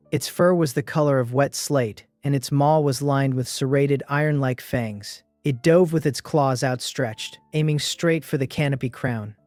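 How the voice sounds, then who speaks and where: A male narrator tells a first-person adventure recap in a steady, even storytelling voice. The sound is dry and close to the mic. Soft music plays faintly underneath. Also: mid-range voice, no room sound.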